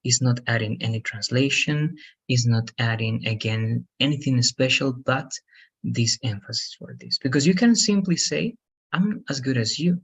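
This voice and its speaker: Man, husky voice, patient English teacher, repeats points, checks understanding often. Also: mid-range voice, moderate pace, dull audio. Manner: patient, repetitive explaining with frequent "all right" and "okay". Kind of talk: one-on-one online lesson.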